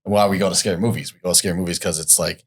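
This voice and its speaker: A man's voice: low voice, steady tone, racing, slightly rough. A man co-hosting a writing podcast, easygoing and joking, talking casually with lots of fillers. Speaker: podcast co-host. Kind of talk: casual chat.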